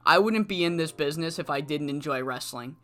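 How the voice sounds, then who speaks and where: Lady doing a humble wrestler guy, low, polite, earnest. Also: expressive, fairly quick, a bit bright. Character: male wrestling champion, humble and eager to work.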